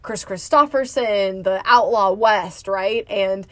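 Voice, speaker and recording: A woman's voice: medium pitch, takes it slowly, no room sound. A woman, co-hosting a podcast in casual chat and reading a story aloud with gusto. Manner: animated, reads aloud with growing gusto. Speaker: podcast co-host.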